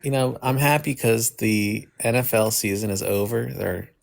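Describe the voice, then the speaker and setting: A male caller with a gravelly, lowish voice and a flat, monotone delivery. He talks casually and argues his point steadily. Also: normal speed. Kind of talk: casual chat.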